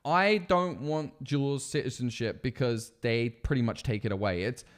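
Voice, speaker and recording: A man's voice: mid-range voice, moderate pace. A young Englishman co-hosting a podcast, ranting heatedly and swearing a lot in casual chat. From England. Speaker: podcast co-host.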